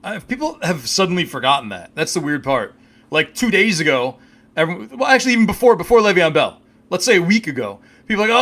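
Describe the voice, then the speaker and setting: A man's voice: high voice, big pitch swings, fast, fairly bright tone. A man co-hosting a casual fantasy football podcast, joking and teasing his partner. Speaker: podcast co-host.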